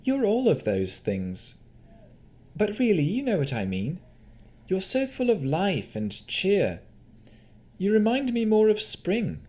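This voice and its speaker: A man reading as a young woman adventurer, calm and reassuring, in a raised, gentle voice. The pitch sits well above his own, with a lively audiobook delivery. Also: slow, pauses often, heavily acted. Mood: warm teasing. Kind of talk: audiobook character voice.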